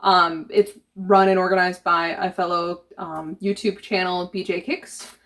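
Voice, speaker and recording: A woman co-hosting a casual comics chat with her husband, chatty and quick to laugh. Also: on the low side, little pitch movement, a bit bright. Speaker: co-host.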